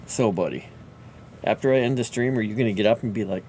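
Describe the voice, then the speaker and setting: A livestreamer who writes fantasy lore chats casually on stream, speaking fondly to his pet and his viewers. He talks fast in a lowish voice with a darkish tone, and there's slight background noise.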